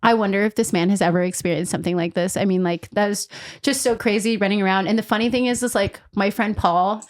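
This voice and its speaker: A woman's voice: mid-range voice, quick pace. A young woman telling stories as a podcast guest, chatty and full of "like" fillers. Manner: chatty, many "like" fillers, animated voicing of others. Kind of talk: casual storytelling.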